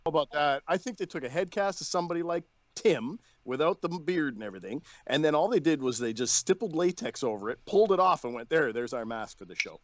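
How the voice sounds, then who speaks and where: A man's voice: on the high side, animated, quick pace, few pauses, no room sound. A man co-hosting a casual movie review podcast, chatty and joking about old tech and props. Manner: chatty, jokey. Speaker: podcast co-host.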